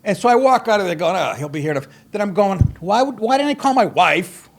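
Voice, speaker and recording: A middle-aged podcast host delivers a profane comedic monologue, a rambling story packed with swearing, self-mockery, wry asides, and bursts of laughter. His voice is high and animated, and he talks a little fast.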